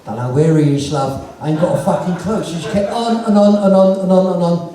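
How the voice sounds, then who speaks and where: A punk musician guest with a London accent tells earthy, swear-filled stories on stage at a live music venue, acting out the dialogue himself for the audience. His voice is high, brisk, and dark-toned, recorded from far off in the echoey venue.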